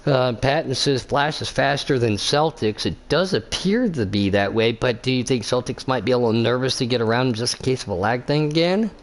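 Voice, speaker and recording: At an ordinary middle pitch, a male commentator calls a sim racing event live, animated and brisk with hardly any pauses. He rambles off the action into jokes and side stories, filling gaps with plenty of "uh"s.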